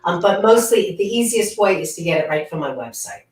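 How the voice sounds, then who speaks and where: A woman speech pathologist giving clear, demonstrative advice in a conversational interview over a video call. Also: on the low side, expressive, fairly quick. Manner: demonstrative, coaching tone. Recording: distant and echoey.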